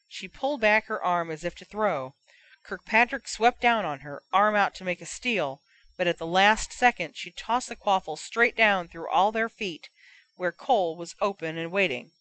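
A woman narrating a fan fiction audiobook in a steady storytelling manner. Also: on the low side.

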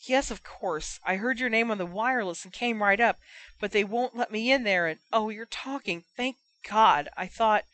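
A woman voicing an anxious young woman rushing her words in relief. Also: medium pitch, a bit bright, pitched above the performer's own voice, close to an everyday voice. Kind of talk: audiobook character voice.

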